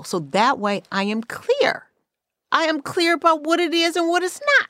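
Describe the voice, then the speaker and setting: A woman's voice: extremely high pitch, sing-song, normal speed, fairly bright tone, dry recording. A middle-aged woman from the Bay Area hosting a podcast, telling personal stories in casual, candid, profane chat. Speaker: podcast host.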